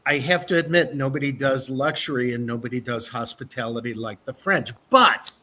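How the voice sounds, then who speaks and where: A man's voice: mid-range voice, brisk, pushed and bright. A man from the American Midwest presenting a cruise line in an upbeat sales style, with fillers. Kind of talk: presentation to an online audience.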